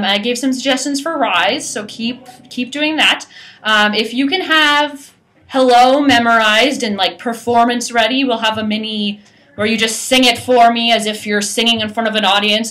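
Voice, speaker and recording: A woman coaching a single student through a singing lesson, her speaking voice high and very bright. She explains each point, breaks into sung demonstrations, and keeps checking in with a quick "right?". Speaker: voice teacher.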